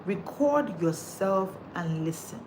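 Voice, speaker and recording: A woman's voice: on the low side, expressive, takes it slowly, noisy background. A woman, coaching listeners on how they speak, emphatic and repetitive as she drives each point home. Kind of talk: motivational coaching talk.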